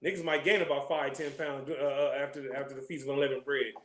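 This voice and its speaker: A man's voice: mid-range voice, steady tone, fast talker, crowd noise. A man teaching a casual scripture class, joking in loose streetwise slang and constantly checking in with his listeners. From California. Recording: echoey room.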